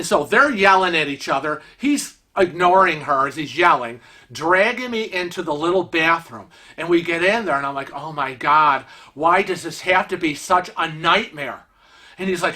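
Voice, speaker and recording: A middle-aged man casually telling a travel story to camera, animated and acting out the voices of the people in it. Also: high voice. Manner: animated, acts out quoted voices.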